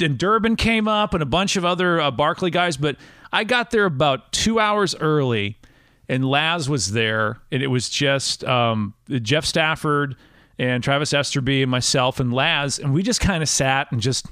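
A male podcast host talks in loose, rambling casual conversation and laughs easily. His voice is bright and lively in pitch. The sound is dry and close to the mic. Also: measured pace, clean tone, no echo. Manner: chatty and rambling, laughs often. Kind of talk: casual interview chat.

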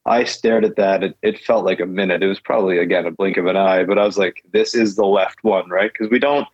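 A man's voice: deep voice, quick pace, dry recording, dull audio. A man, a guest pilot, telling his story in a loose, casual way, repeating phrases and laughing now and then.

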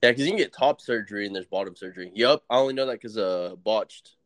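A man's voice: fairly low pitch, fast talker, no echo. A young man chatting as a podcast guest, laid-back and slangy, swearing casually.

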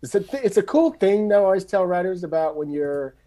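Middle-aged guy, mellow voice, animated, swears a lot while he tells his story. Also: high voice, brisk. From San Francisco, USA. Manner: loose and animated, swears freely. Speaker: screenwriter guest. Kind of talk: casual storytelling.

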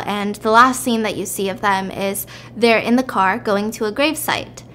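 A woman's voice: medium pitch, a little hiss or hum. A woman hosting a podcast, casually retelling a film plot and acting out the quotes. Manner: animated, acts out the quotes. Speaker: podcast host.

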